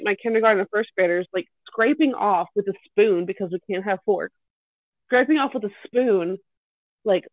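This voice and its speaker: A woman telling a rambling, animated story in casual podcast chat, restarting her sentences as she goes. Her voice comes through dry and narrow, like a phone line. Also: mid-range voice, dry recording. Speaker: kindergarten teacher. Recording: dry, tinny phone-like sound.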